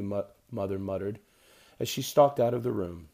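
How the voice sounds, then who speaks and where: A man narrating an audiobook in a measured, wry storytelling manner. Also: on the low side, gravelly, mellow. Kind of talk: scripted narration.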